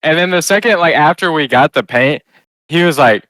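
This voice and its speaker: Young dude, smooth bright voice, giggly jokey podcast chat, dry sound. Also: male voice, fairly high pitch, animated, no room sound. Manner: giggly and loose, quick to joke. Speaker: podcast co-host. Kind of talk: casual storytelling chat.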